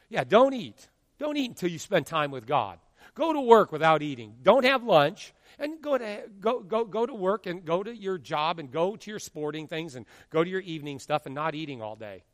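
A man in his fifties, a pastor preaching an animated sermon and acting out quotes from his congregation. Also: a little high, brisk, no room sound, clean studio sound, long reverb tail. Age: 50s.

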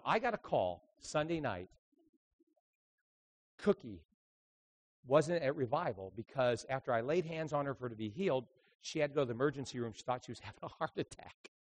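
A man, a traveling evangelist, preaching a sermon full of lively stories, dropping to quiet asides and then rising into loud, emphatic bursts. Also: mid-range voice, fairly quick. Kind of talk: sermon with storytelling.

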